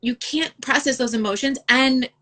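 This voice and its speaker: As a guest in a candid interview, this photographer talks openly and emotionally, frequently laughing and repeating her own thoughts as quotes. Her bright, high-sitting voice has a forceful tone, and her pace is normal.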